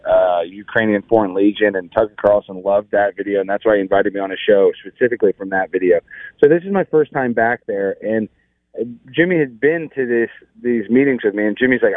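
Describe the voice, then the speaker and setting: A man's voice: medium pitch, no echo. A man telling a rambling, exasperated story in casual chat, with many restarts. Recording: tinny phone line.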